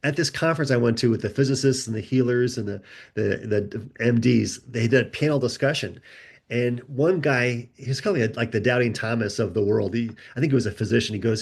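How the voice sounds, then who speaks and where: A man, a guest author, telling a personal story in a relaxed conversational way, acting out the people he quotes. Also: mid-range voice, a little fast, vocal fry, breathy edge. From United States. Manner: animated, acts out quoted voices.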